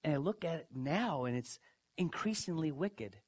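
A man preaching a sermon, emphatic, who asks his listeners questions and swings from hushed to loud. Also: expressive, normal speed. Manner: emphatic, dramatic swings in pitch and loudness. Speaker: pastor.

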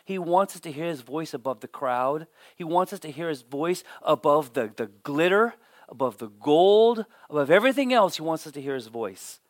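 A man giving a sermon as pastor, telling stories with lively swings and dropping almost to a whisper for emphasis, often repeating words as he starts a sentence. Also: fairly high pitch, normal speed, dry recording, studio quality. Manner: animated storytelling, drops to near whisper for emphasis.

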